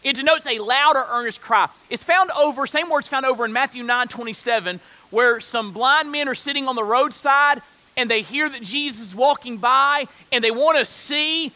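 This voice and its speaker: High, bright-voiced earnest preacher. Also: male voice, moderate pace. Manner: earnest, climbs to loud emphatic peaks. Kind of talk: sermon.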